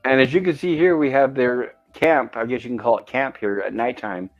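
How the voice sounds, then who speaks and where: Male host, casual episode recap, mid-pitched voice, muffled recording. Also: normal speed, faint music behind. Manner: narrates scenes and reads quoted lines aloud. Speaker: show host.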